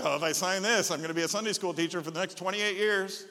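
A man preaching a sermon as pastor, enthusiastic and bursting into loud shouts. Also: high-pitched, fast, hardly any pauses, big-room sound.

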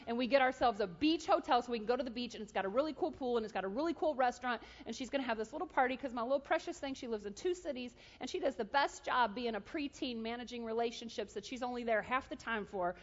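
A woman's voice: a little high, fast, hardly any pauses. Woman preacher, sermon storytelling, acts out dialogue, dull lo-fi sound. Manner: animated, acts out dialogue with God. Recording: dull sound in a large reverberant hall.

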